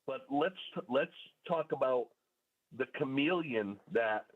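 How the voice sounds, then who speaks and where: This call-in radio commentary comes from a man whose medium-pitched voice is expressive and slow. Heard through phone-line audio, he sets out his arguments in order, methodically, with lots of filler words.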